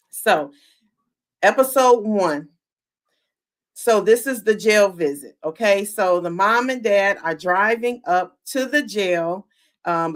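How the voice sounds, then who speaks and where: A woman hosting a live-streamed recap, chatting straight to her viewers. Her pitch sits in an ordinary middle range, and she throws herself into retelling each scene. She keeps asking the chat what they think. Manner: animated, talks to the chat, acts out quotes. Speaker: podcast host.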